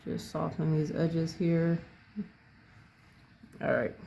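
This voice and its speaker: A painting instructor narrating a tutorial in an unhurried way, thinking aloud step by step as they work. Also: mid-range voice, fairly even intonation, vocal fry, dark tone, slight background noise.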